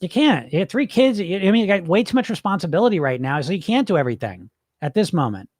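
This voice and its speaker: A middle-aged man hosts a casual coaching podcast and reacts to listener comments in a blunt, animated way, sometimes swearing. His voice sits fairly high for a man. The sound is dry, with almost no room echo. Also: fast. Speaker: podcast host and weight-loss coach.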